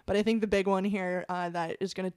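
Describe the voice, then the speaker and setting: A woman's voice: mid-range voice, level tone, fast talker, darkish tone, smooth. Woman running down new releases on a podcast, breezy and jokey. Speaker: podcast co-host. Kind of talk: casual chat, reading out release lists.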